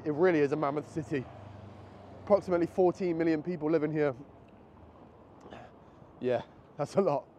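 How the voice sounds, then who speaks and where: A man vlogging on a handheld camera as he walks city streets and stops in a shop, chatting excitedly and thinking aloud. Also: fairly high pitch. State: a bit out of breath. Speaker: travel vlogger. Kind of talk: casual vlog narration while walking. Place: city streets outdoors and a convenience store. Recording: muffled outdoor camera audio with street noise.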